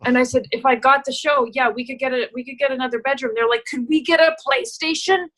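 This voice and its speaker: Middle-aged actress, woman, chatty anecdotes, bright and forward voice, does little voices for others. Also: high voice, fast, low-quality recording. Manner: animated storyteller, acts out quoted voices, laughs often. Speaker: actress and producer, guest. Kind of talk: casual anecdote telling.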